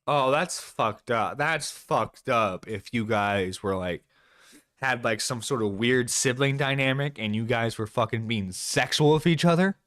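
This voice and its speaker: A man's voice: mid-range voice, unhurried, fairly bright tone, no room sound, clean studio sound. A man giving an angry reaction commentary on a live stream, ranting and swearing with stammered restarts. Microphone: desk microphone.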